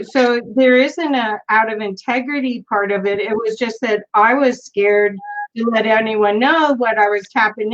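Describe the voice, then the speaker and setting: Host, middle-aged woman, higher voice, animated storyteller, dull lo-fi recording. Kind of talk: casual interview chat. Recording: dull lo-fi sound.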